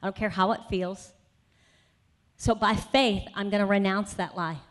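In a conference session, a woman with a mid-range, steady, unhurried voice shares her personal story as a sermon testimony. The telling is conversational and full of asides, and it climbs toward emphatic conviction.

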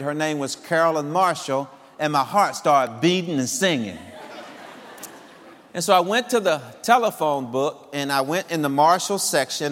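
A man in his fifties telling a personal story to an audience of singles in an animated way, often laughing. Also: a little high, big-room sound. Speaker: speaker addressing singles.

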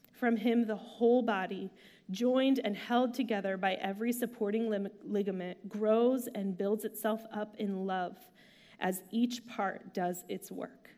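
A woman's voice: mid-range voice, dark tone. A woman preaching a sermon in a casual, chatty way, using slang and asides. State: emotional, near tears. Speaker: pastor.

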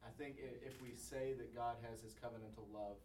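A man commenting in a class discussion, speaking haltingly as he thinks aloud. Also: medium pitch, steady tone. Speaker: class member. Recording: distant, roomy, loud hiss.

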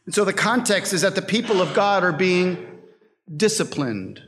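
A man preaching a sermon as pastor, slow and deliberate, reading scripture and poetry dramatically. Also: high voice, lively intonation, a bit bright, slight background noise. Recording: long reverb of a church hall.

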